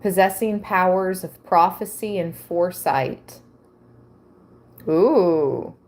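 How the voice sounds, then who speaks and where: A woman giving a tarot reading to her viewers, reading aloud and musing with soft exclamations. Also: fairly low pitch, slow pace. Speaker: tarot reader.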